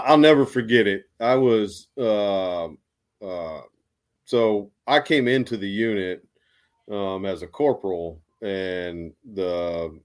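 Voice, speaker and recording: Low-voiced army vet guy rambling thru his stories, lots of um and restarts. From United States. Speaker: guest, Army veteran. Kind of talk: casual storytelling.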